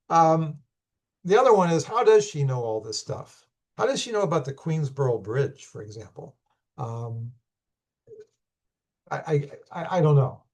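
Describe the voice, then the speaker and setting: A hoarse man teaching a class, unhurried and thinking aloud with many fillers and restarts. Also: medium pitch, darkish tone. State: hoarse, losing his voice. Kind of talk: recorded class lecture.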